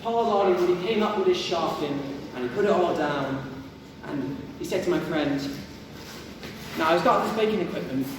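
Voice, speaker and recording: A man's voice: high voice, moderate pace, background noise. A young man doing a stand-up routine, telling rambling, jokey stories on a stage mic. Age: young adult. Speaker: stand-up comedian. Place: university comedy gig venue indoors. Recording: echoey hall from far off with audience.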